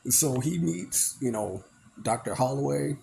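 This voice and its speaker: A man's voice: mid-range voice, animated, unhurried, vocal fry, mellow, slight background noise. A man recapping a movie in a casual, rambling way, full of "you know" and "like". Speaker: movie reviewer.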